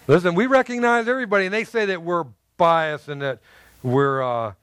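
A man's voice: sits high, normal speed, clear, resonant tone, dry recording, clean studio sound. A middle-aged man preaching a sermon, telling personal stories with humor and acting out the people in them. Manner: animated storyteller who acts out quotes and jokes with the congregation. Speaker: pastor.

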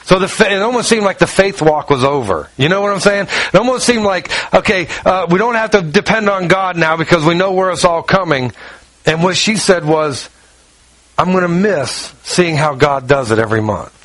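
In a sermon, this male pastor spins a folksy personal tale, voices the dialogue he quotes, reads from scripture, and sinks low for asides. His pace is normal and his tone fairly bright. There's no room sound, and the audio is poor.

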